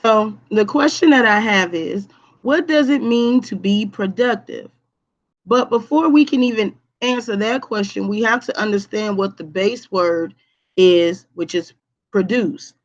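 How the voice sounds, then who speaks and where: A woman's voice: mid-range voice, unhurried, lo-fi sound. Emphatic woman teacher on a livestream. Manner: repetitive, emphatic, checks in with "okay?". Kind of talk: live online class lesson.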